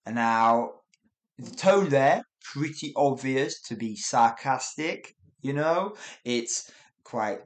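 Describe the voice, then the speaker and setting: Chatty man teaching English, lively tone. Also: medium pitch, measured pace. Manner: chatty, self-correcting, lively intonation. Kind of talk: casual spoken English lesson.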